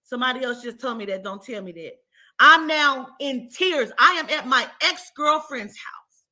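A woman's voice: high-pitched, expressive, moderate pace, sharp tone. A woman spiritual advisor telling a dramatic, profane story on a livestream and acting out the dialogue.

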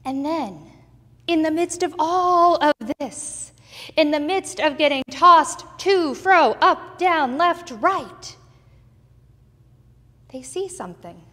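A woman pastor preaching a sermon, telling the story with dramatic pauses, in a church. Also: sits high, fairly bright tone, long reverb tail. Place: church sanctuary.

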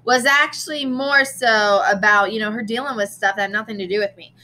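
A woman's voice: mid-range voice, a little fast, pushed and bright, low-quality recording. A woman teacher giving a recorded lesson in a casual way, with frequent ums and restarts and an occasional cough. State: coughing now and then.

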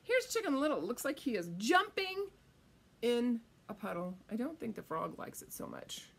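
A woman's voice: fairly high pitch, very animated, moderate pace, gravelly. A woman hosting a children's storytime, reading a picture book in a playful, coaxing way and asking the kids questions.

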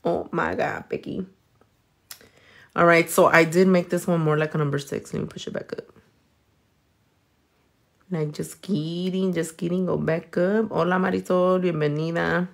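A woman with a Californian accent and a slightly low voice talks her viewers through her work. She is playful and loose, swearing often and slipping in Spanish words. She chats casually while she works. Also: fairly even intonation, normal speed, gravelly. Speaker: nail technician. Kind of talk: casual chat while working, reading comments.

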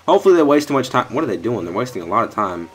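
A young male gaming YouTuber races through live commentary on his football video game, very animated, in a mid-range voice. He swears at his players in frustration while speaking close to a headset or desk mic.

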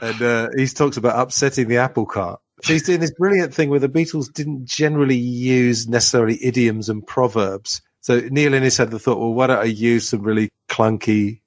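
A man's voice: medium pitch, a little fast, few pauses, no room sound. A man co-hosting a podcast in casual discussion, explaining with examples and asides. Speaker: podcast co-host.

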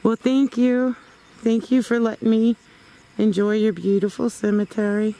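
A woman's voice: a little high, flat delivery, normal speed, creaky, mellow. A woman ghost-hunting in a wooded cemetery, coaxing spirits with short questions on her camera. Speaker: paranormal investigator. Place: cemetery in the woods, outdoors. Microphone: handheld camera mic. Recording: noisy outdoor camera recording. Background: crickets and insects.

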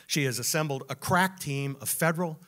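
A man telling a true story live on a club stage, animated and wry, building to punchlines. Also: a little high, fairly quick.

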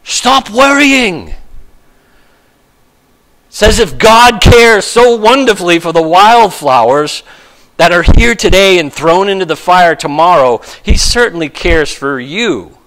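A male pastor giving a conversational sermon, lively and self-deprecating, acting out quotes with sudden shifts of voice. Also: high voice, unhurried, low-quality recording.

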